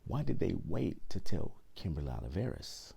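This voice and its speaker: A man's voice: deep voice, sing-song, normal speed, creaky, warm tone, breathy edge. A man hosting a podcast, telling a personal story in an indignant, emphatic way and acting out what others said. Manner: indignant, emphatic, acts out quoted lines. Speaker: podcast host.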